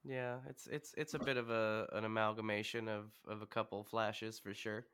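A man's voice: on the low side, little pitch movement, moderate pace, fairly bright tone, a little hiss or hum. A man co-hosting a film podcast, wryly chiming in with short jokes in casual chat. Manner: wry, interjecting with jokes. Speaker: podcast co-host.

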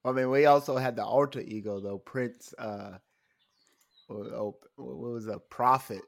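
A man's voice: medium pitch, measured pace, no room sound. A man co-hosting a podcast, chatting casually with a laid-back, joking manner. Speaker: podcast co-host. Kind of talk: casual chat.

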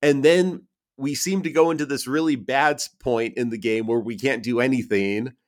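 A man's voice: mid-range voice, steady tone. A man co-hosting a casual sports podcast, chatty and self-mocking, running through lists of numbers. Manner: loose and self-mocking, reads stats in quick lists. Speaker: podcast co-host.

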